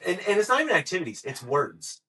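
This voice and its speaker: Laughing, animated male podcast host. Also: high-pitched, quick pace, a little hiss or hum, poor audio. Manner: animated, laughs often, repeats words for effect. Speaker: podcast host, physical therapist. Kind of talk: casual chat.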